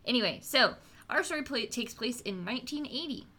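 A woman's voice: on the high side, lively intonation, a little fast, bright, forceful tone. A woman co-hosting a casual podcast, chatty and teasing, laughing easily as she tells a story. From West Virginia, USA. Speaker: podcast co-host.

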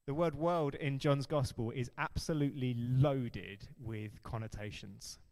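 A man preaching a sermon as pastor, earnest and emphatic, stressing key phrases slowly. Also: medium pitch, a little mellow, long reverb tail.

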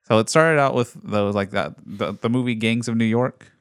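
A man's voice: medium pitch, moderate pace, smooth, dry recording, studio quality. A young man explaining something in a rambling way on a casual podcast. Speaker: podcast co-host.

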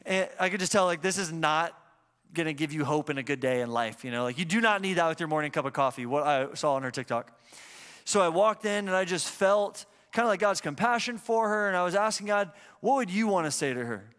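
A man's voice: on the high side, lively intonation, fairly quick, fairly bright tone. A young adult man pastor preaching a sermon in a church, telling a story in a conversational way. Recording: church hall reverb.

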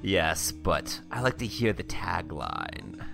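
A man's voice: sits low, huge pitch swings, slow pace, creaky, a bit bright, faint music behind, voice pushed down, full character voice. A man voicing a vain, aging female movie star who was once a child actor and now produces theater, theatrical and self-pitying.

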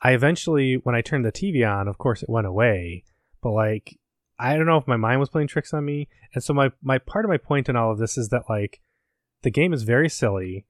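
A man's voice: mid-range voice, animated, brisk, no echo. Rambling, swearing man, dry sound. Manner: rambling, profane, self-mocking. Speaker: podcast host, academic. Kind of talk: casual chat recapping a game.

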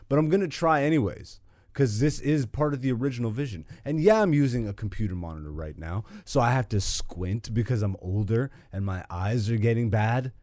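A man's voice: medium pitch, darkish tone, no room sound, studio quality. A man in his thirties hosting a podcast, chatting casually and loosely while gaming, self-mocking and laughing often. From Canada. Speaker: podcast host. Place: home room with a gaming setup.

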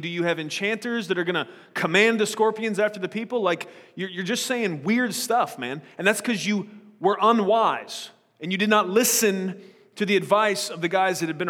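A man preaches a sermon, switching from scripture reading to loose, joking retellings. His voice sits a little high. Long reverb from the church hall trails each phrase. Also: a bit bright. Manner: casual, joking asides between scripture reading. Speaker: pastor. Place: church sanctuary.

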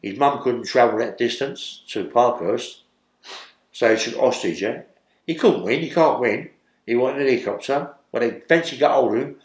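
In an interview, a former criminal, an older man from London with the accent to match, wanders through a long prison tale, repeatedly asking "yeah?" as he goes. He speaks at a normal pace in a mid-range voice, and the sound is roomy.

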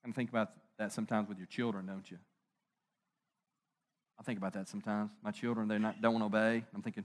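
A middle-aged man preaching a conversational sermon, animated, joking and asking rhetorical questions. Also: medium pitch, brisk. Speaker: pastor.

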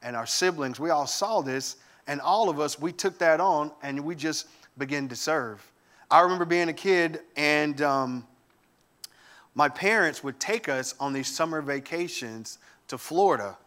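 A man giving a sermon, telling lively family stories with humor and enthusiasm. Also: fairly high pitch, unhurried. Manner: animated storytelling with humor. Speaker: guest preacher.

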